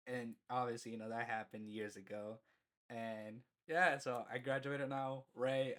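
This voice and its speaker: Rambling young man telling a story. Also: mid-range voice. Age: young adult. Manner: rambling, peppered with "you know" and swearing; laughs at himself mid-story. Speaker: storyteller vlogger. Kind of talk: casual storytime.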